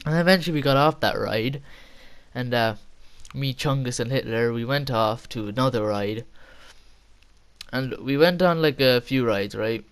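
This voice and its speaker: A man's voice: mid-range voice, lively intonation, normal speed, clear, resonant tone. A young man telling a casual, rambling story with frequent laughter and casual swearing. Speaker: vlogger.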